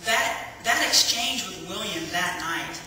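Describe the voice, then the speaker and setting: A man's voice: high voice, animated, slow pace, pushed and bright, a little hiss or hum. A man giving a chatty personal testimony to a church congregation, telling his story with plenty of fillers. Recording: echoey hall from far off.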